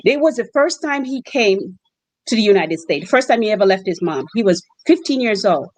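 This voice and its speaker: Her mid-range voice moves a little fast, and the audio is dry and poor. She is a woman who hosts exchange students, recounting stories during an interview in a lively way and acting out each quote.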